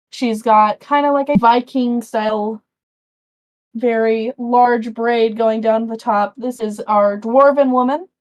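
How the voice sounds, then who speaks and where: A woman narrating a tabletop game as game master, chatty and rambling with frequent restarts. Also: a little high.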